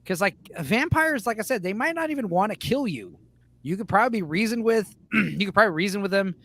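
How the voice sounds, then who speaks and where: A man talking in a casual podcast chat, excitable and profane, acting out scenes with growls and shouts. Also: high voice, brisk. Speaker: podcast co-host.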